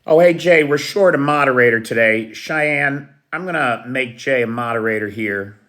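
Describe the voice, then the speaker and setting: A man hosts a casual live stream from Kyiv, greeting viewers by name and chuckling at his own jokes. His voice is medium-pitched and a bit bright, at a normal speed.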